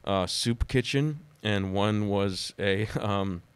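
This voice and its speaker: A man who is a podcast guest, telling personal stories in a dramatic, animated way during casual conversation. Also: fairly low pitch, slow pace, clear, resonant tone, no room sound.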